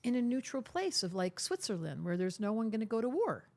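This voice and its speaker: A woman's voice: fairly high pitch, big pitch swings, brisk, darkish tone. An older woman, an astrologer, talking emphatically and teasingly in a podcast interview, often acting out the voices she quotes. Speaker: astrologer, guest.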